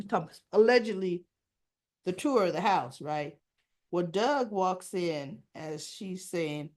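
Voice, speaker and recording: A woman's voice: fairly low pitch, a little mellow. A woman recapping a soap opera episode in casual, gossipy chat, acting out the characters' lines as she goes. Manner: acts out the characters' lines in quick asides, chatty and gossipy.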